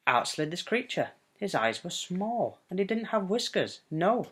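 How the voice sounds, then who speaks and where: A father reading a rhyming bedtime storybook aloud to his child at home, in a gentle, sing-song way. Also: sits high, big pitch swings, a little slow, few pauses, husky.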